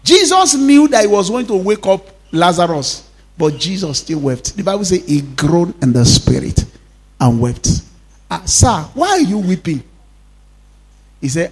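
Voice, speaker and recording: A man's voice: sits high, big pitch swings, unhurried, slightly rough. A man, preaching a sermon to a congregation, repeating lines and calling for responses. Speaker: pastor.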